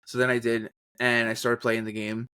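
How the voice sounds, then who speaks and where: A man telling stories in a casual interview, animated, often slipping into trailer-style and character voices. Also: mid-range voice, normal speed, clear, resonant tone, no echo. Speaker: podcast guest, voice actor and journalist.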